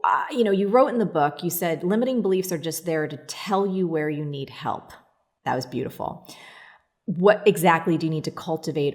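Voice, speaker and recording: Low-voiced woman host asking questions. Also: darkish tone. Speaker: interview host. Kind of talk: interview questions.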